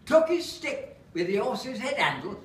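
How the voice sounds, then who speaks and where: A man with a Lancashire accent reciting a comic verse monologue in a steady rhythm. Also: very high voice, a little slow. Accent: put-on Lancashire. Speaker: storyteller. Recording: roomy, mic far off, faint ambience.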